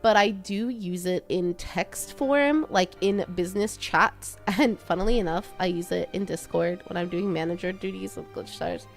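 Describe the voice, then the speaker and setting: A woman's voice: fairly low pitch, moderate pace, gravelly, hardly any pauses, soft background music. A young woman streamer with a slight Texan twang, chatting casually with her viewers while she works, self-deprecating and laughing often.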